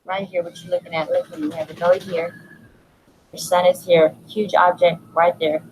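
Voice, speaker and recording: A woman filming her own vlog outdoors while walking her dog, full of awe, calling out in wonder and dropping into hushed whispers. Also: lowish voice, little pitch movement, normal speed, slight background noise, poor audio. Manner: awed, exclaiming, drops to hushed whispers. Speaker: sky-watching vlogger. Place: outdoors under open sky, walking a dog.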